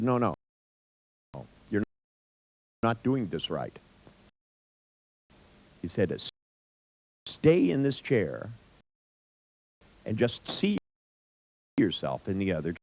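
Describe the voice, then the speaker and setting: Older guy rambling through a story, swears a lot, gravelly voice, pitch all over the place. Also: darkish tone, no echo, poor audio. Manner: profane, wry, full of restarts and asides. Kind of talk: rambling personal anecdote.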